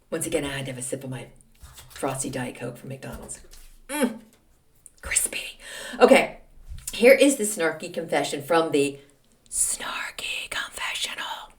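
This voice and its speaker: A middle-aged woman hosting her own podcast, telling self-mocking stories in a snarky, animated way. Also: sits low, moderate pace, pauses often. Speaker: podcast host. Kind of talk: casual solo monologue.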